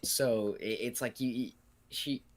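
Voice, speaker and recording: A young man talking casually as a podcast guest, thoughtful and a little halting. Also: medium pitch, steady tone. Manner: thoughtful, halting, restarts sentences. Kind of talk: casual chat.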